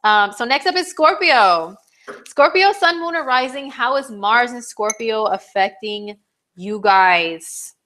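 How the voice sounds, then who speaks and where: A woman's voice: fairly high pitch, expressive, slow pace, bright, forceful tone. A woman astrologer giving a casual, chatty forecast, talking loosely with many fillers and acting out little quoted exchanges. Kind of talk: casual live-stream forecast talk.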